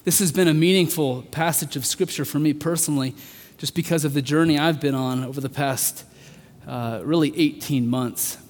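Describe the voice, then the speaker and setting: A man preaching in an earnest way, building to forceful peaks before falling back soft. His voice sits a little high. The sound carries a long reverb from a large hall. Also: normal speed. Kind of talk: sermon.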